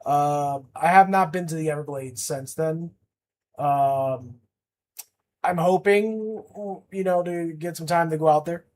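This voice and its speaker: A man's voice: a little high, takes it slowly, darkish tone. A young man chatting casually on a livestream as an art streamer, rambling with lots of fillers and restarts.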